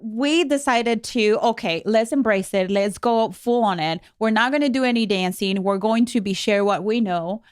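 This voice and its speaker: Spanish-native woman cohosting a podcast, smooth clear voice, dry close sound, lots of ums and restarts. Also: on the high side, normal speed, few pauses, dry recording. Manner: earnest, candid, with frequent fillers and restarts. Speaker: podcast co-host. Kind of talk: casual podcast chat.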